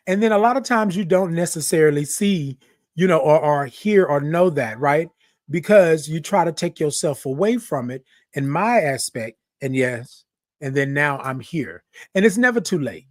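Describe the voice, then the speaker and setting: A man's voice: on the high side, animated, moderate pace, dry recording, clean studio sound. A man hosting a morning livestream, playfully reading viewer comments aloud. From Texas. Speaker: livestream host. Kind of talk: casual livestream chat.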